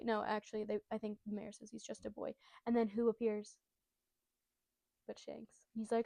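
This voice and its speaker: A woman's voice: a little high, little pitch movement, normal speed, gravelly, warm tone, no room sound. Giggly, profane woman storyteller. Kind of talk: casual comic retelling.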